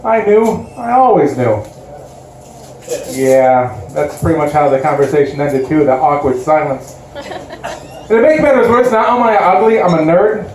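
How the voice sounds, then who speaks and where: Self-deprecating stand-up comedian, echoey club. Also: male voice, a little high, normal speed, a little mellow, slight background noise. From West Side Chicago. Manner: self-deprecating, lots of likes and uhs. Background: audience laughter.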